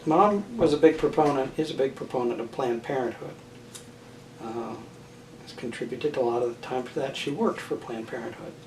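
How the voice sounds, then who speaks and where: An older man answers interview questions about family and marriage in a measured, halting way, often pausing and restarting his sentences. He is heard from some distance in a roomy space. A faint background hiss sits under the voice. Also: mid-range voice. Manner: thoughtful, halting, many fillers and restarts. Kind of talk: oral history interview.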